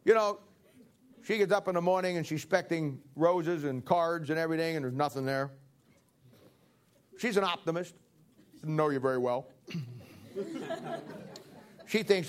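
A man's voice: fairly high pitch, moderate pace, pauses often, clean tone. A man preaching a sermon in a folksy, joking way, acting out little everyday scenes. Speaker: pastor.

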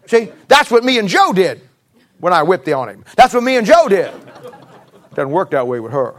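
Male pastor, middle-aged, high-pitched voice, folksy emphatic sermon. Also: animated, a little fast, a bit bright.

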